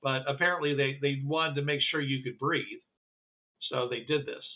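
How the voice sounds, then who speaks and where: A man narrating a tabletop game as game master, halting and full of restarts. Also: mid-range voice, fairly even intonation. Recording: tinny phone-like line.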